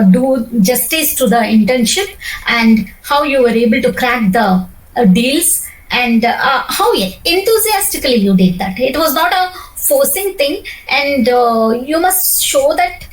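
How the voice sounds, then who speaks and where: A high-pitched, middle-aged woman coaches a student through interview preparation. She explains patiently, stresses key words and restarts her sentences often. Her voice sounds a little distant from the microphone. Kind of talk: one-on-one coaching session.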